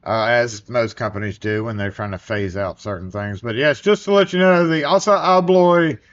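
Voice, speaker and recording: A man's voice: fairly low pitch, expressive, normal speed, highs cut off. A man talking as a locksmith in a casual product review vlog, rambling loosely with many fillers and restarts.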